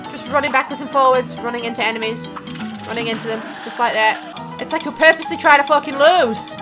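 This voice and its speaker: Speaking a little fast in a high voice, a woman gives casual reaction commentary on a gameplay video as a gaming YouTuber. Music is clearly audible behind her sarcastic, exasperated remarks, and she curses without restraint.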